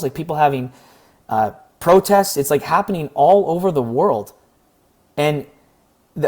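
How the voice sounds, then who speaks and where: A young man from Canada, talking through a personal story in a casual, rambling vlog, his voice slightly hoarse. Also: fairly high pitch. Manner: earnest, rambling, acts out quoted exchanges. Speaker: vlogger.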